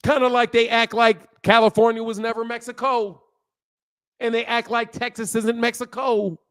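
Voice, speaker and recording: Male stream host with a high voice. Heated, slangy, repetitive lecturer answering chat. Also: flat delivery, moderate pace, a bit bright, smooth. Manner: heated, lecturing, loose slang, repeats himself. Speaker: livestream host. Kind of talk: casual livestream talk, answering chat.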